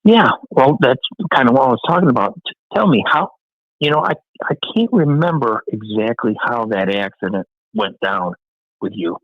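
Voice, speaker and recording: A man's voice: medium pitch, lively intonation, moderate pace, no room sound. A man with a West Tennessee accent, chatting casually with a friend, laid-back and joking. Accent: Southern US, West Tennessee. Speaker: friend and co-host. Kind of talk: casual chat. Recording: dry, dull lo-fi sound.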